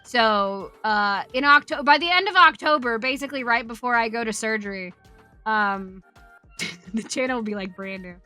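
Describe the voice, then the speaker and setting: A woman's voice: fairly high pitch, normal speed, pushed and bright, soft background music. A woman streamer chatting casually, telling a rambling, profane story and laughing as she greets her chat. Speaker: Twitch streamer.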